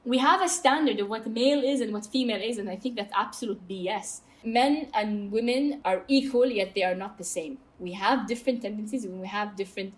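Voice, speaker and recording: A woman in her thirties from Saudi Arabia, talking candidly and emphatically as a podcast guest. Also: mid-range voice. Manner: outspoken and emphatic, quick asides. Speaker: guest, mountaineer.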